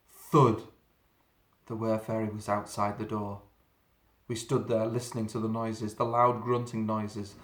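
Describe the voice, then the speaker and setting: A man reading a children's story aloud, dramatic and slowing down for suspense. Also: fairly low pitch. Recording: roomy echo.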